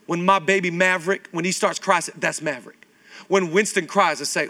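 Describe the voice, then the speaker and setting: A male pastor in his thirties preaching a sermon, animated, firing rhetorical questions at the congregation. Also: high-pitched, fairly quick. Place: church stage.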